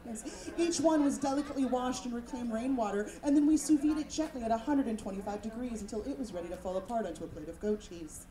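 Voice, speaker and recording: A woman voicing a precious hipster waiter who talks in a soft, earnest, serene way, in an echoey club. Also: fairly high pitch, quick pace, few pauses, a crowd in the background, lightly acted. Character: precious hipster male waiter with curly mustache.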